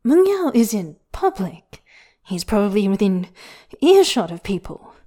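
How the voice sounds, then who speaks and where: A woman reading a story aloud with an intimate, hushed delivery that slips into whispers. Her tone is mellow and warm. The pitch sits in a middle range for a woman. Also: sing-song, unhurried. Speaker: podfic reader. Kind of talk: expressive story narration.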